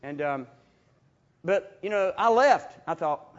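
A man preaching a sermon, telling stories in a folksy, animated way with chuckles. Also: high voice, takes it slowly. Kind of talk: storytelling sermon. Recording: dull lo-fi recording.

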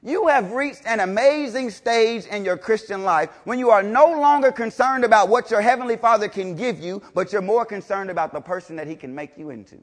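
With a brisk delivery and hardly any pauses, a man preaches to his congregation. He is emphatic and repetitive, swings from loud to low and intense, and leans on rhetorical questions.

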